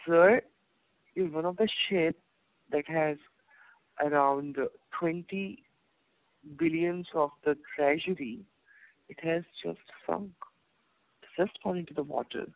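A man voicing an anxious male accountant who reports in a hurried, worried way, heard over a tinny phone-like line. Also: fairly high pitch, gravelly. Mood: alarmed.

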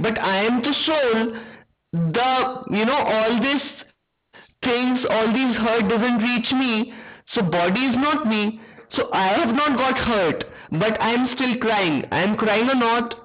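A woman's voice: a little high, takes it slowly. Woman, class teacher, frequent quiz questions, dull lo-fi call audio. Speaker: religious teacher. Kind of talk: online class for children.

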